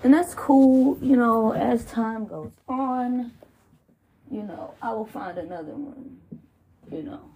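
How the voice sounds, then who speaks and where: Still recovering from pneumonia, a podcast host rants on her own in a casual, profane way, tossing in laughing asides. Her fairly high voice has vocal fry and she takes it slowly. The audio is narrow and tinny.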